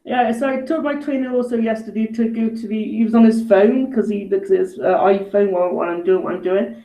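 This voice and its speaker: High-voiced hesitant man, roomy echo. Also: fairly even intonation, brisk, mellow. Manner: hesitant, many fillers and restarts. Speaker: host. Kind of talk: casual chat.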